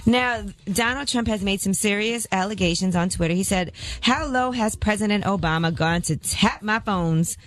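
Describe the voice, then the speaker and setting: A woman's voice: mid-range voice, normal speed, hardly any pauses. A woman co-hosting a morning radio show, reporting gossip and news in a curious, chatty way. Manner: curious, questioning, conversational. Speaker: radio co-host, rumor reporter. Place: radio studio. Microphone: studio mic.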